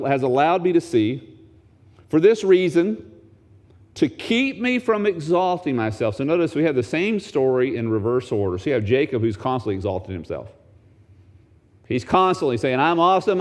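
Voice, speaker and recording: A male pastor delivering a sermon in a mid-pitched voice. He swings widely from low, hushed asides up to sudden high, excited exclamations, animated throughout.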